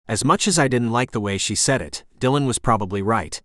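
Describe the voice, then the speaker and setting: A man's voice: mid-range voice, lively intonation, fairly quick, few pauses, a bit bright, no echo. A man narrating a romance audiobook in the first person, with an intense, dramatic delivery on a studio microphone.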